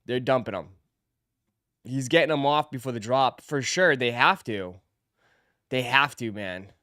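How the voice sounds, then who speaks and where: Man, casual live stream host, laid-back slangy chat, slow talker, smooth voice. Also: mid-range voice, expressive, bright, forceful tone, no room sound, clean studio sound.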